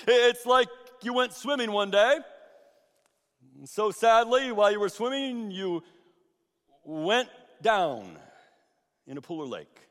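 High-voiced pastor preaching in a reverberant hall. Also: male voice, expressive, takes it slowly, pauses often. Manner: dramatic swings between loud emphatic bursts and hushed asides. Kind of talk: sermon. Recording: long reverb of a large hall.

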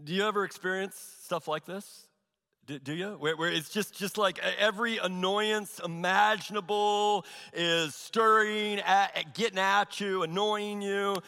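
Animated pastor man in a reverberant hall. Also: high voice, a little slow, creaky, clean tone. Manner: animated storytelling with exaggerated asides. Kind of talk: sermon. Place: large church hall.

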